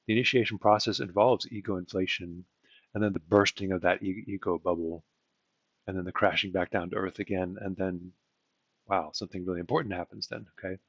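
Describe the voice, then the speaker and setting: A man teaching in a loose, rambling lecture, often checking in with "okay?" and pausing on fillers. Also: deep voice, fairly even intonation, slightly rough, no room sound, highs cut off. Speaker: occult teacher. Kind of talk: casual lecture to camera.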